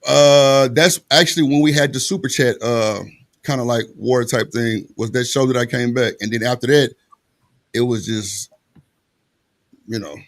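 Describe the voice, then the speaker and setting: A man with a gravelly, fry-laced voice talks in loose, slangy banter on a live stream. His sound is close and dry, with little room around it. He argues his side and laughs easily. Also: medium pitch, normal speed, no echo. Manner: slangy, defensive, laughs often. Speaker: streamer and guest. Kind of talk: casual group chat on a live stream.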